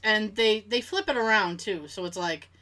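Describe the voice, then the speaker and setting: A woman telling a casual story on a chat podcast, animated, laughing often and acting out what people said. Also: mid-range voice, normal speed.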